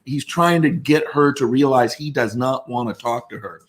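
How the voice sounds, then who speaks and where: A man's voice: medium pitch, moderate pace. A man guest on a talk show, telling stories in conversation and acting out the voices of the people in them. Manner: animated anecdotes with quoted voices. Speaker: guest speaker. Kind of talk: storytelling in conversation.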